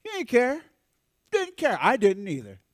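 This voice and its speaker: A man giving a storytelling talk at a church mental health forum, animated and acting out the voices of people he quotes. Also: extremely high pitch, a little slow, no echo, studio quality.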